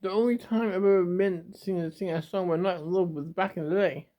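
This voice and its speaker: Close to tears, a young man addresses his camera in a rambling vlog confession, repeating himself and stumbling as he goes. His voice sits high with a steady tone, he talks fast, and the footage has a dull lo-fi home video quality.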